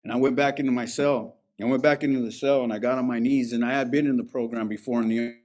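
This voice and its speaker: A man's voice: medium pitch, steady tone, quick pace, darkish tone. A man sharing his recovery story at a meeting, candid and profane in a streetwise way. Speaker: speaker at a recovery alumni meeting. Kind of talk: personal recovery testimony.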